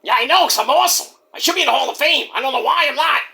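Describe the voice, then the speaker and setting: A man putting on a brash, boastful wrestler who shouts about how awesome he is. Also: very high voice, rapid-fire, gravelly, pitched above the performer's own voice, exaggerated voice. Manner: loud, shouting, cocky.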